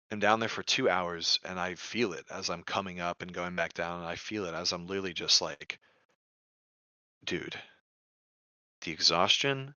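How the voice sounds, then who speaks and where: Bright-voiced man telling a wild story. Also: low-pitched, no room sound. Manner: animated, swings from quiet narration to loud exclaimed quotes; loose and profane, heavy use of "like". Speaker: podcast guest. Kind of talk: casual podcast storytelling. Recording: dry, dull lo-fi sound.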